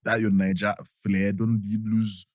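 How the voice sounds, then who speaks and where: A man's voice: fairly low pitch, unhurried, no echo, clean studio sound. A man with a Nigerian accent, chatting animatedly as a podcast guest and laughing often. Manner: animated, laughing, asks "you understand?". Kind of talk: casual chat.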